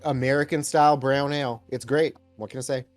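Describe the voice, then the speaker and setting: A man co-hosting a casual film chat with a relaxed, wry manner. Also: mid-range voice, fairly quick, faint music behind. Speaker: podcast co-host. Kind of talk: casual chat about a film over beer.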